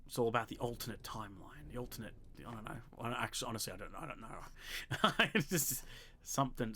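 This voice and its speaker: A man's voice: medium pitch, animated, fairly quick, pushed and bright, a little hiss or hum. A man hosting a game walkthrough, chatting casually as he plays, thinking aloud with jokey asides. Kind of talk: casual gameplay commentary.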